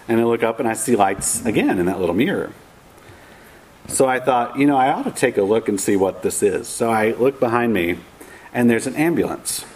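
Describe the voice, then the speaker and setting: A man's voice: mid-range voice, a little hiss or hum, low-quality recording. A middle-aged man telling a funny personal story in a wry, self-mocking way, acting out the voices of the people in it. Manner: wry, self-mocking, animated quoting of others.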